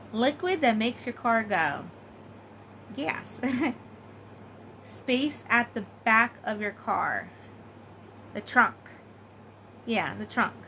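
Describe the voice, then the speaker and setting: A woman's voice: a little high, bright, forceful tone, a little hiss or hum, low-quality recording. A woman chatting casually and giggling, with many fillers, as she answers a tag. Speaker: craft vlogger.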